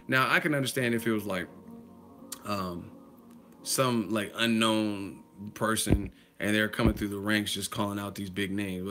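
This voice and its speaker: A man vlogging casual boxing commentary in a brash, trash-talking way, laughing often. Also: on the low side. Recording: music playing underneath.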